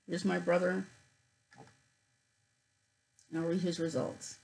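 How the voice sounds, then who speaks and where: A woman vlogging casually, reading figures off her screen with many fillers and pauses, her voice cutting in and out. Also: on the low side, little pitch movement, creaky, a little mellow, rough recording. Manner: reads figures aloud haltingly with many fillers. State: voice cuts in and out.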